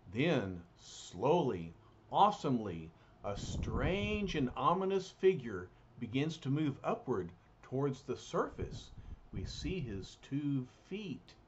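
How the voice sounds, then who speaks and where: Dramatic male storyteller, muffled lo-fi. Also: mid-range voice. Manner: dramatic, with loose asides. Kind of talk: retelling a cartoon episode aloud. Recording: muffled lo-fi recording, faint hiss.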